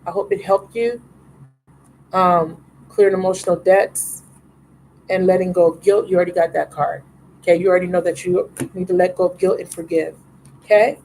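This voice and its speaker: A woman's voice: on the low side, steady tone, moderate pace, a little mellow, a little hiss or hum, poor audio. Affectionate woman tarot reader, live stream. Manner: affectionate, calls viewers baby and love.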